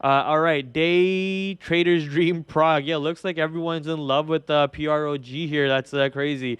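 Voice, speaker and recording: Young male stream host, Indian accent, rambling casual market talk, slightly high, flat delivery, very clear voice. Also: normal speed, no echo. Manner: casual, rambling, many fillers and restarts. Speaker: trading show host. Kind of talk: live market commentary.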